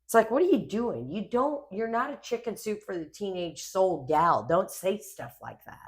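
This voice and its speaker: A woman's voice: medium pitch, normal speed. A young woman co-hosting a podcast, rambling and swearing as she tells stories in casual chat. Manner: rambling, swears a lot, animated storytelling. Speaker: podcast co-host.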